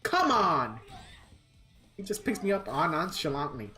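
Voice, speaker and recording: A woman with a slightly low voice rants in casual gaming-stream commentary. She talks bluntly, swears freely and laughs at her own jabs, with faint game music playing underneath. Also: sing-song, measured pace, bright, forceful tone. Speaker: gaming livestreamer.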